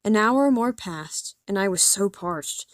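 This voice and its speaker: A woman narrating an audiobook in the first person, with an earnest, expressive reading. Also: medium pitch, measured pace, dry recording, clean studio sound. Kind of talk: scripted narration.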